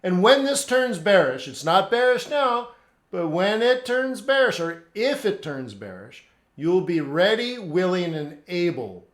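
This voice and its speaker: Male trading instructor, higher-pitched voice, blunt and repetitive, echoey room. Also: big pitch swings, a little slow, a bit bright. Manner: blunt, answers chat questions, repeats points. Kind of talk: live trading lesson.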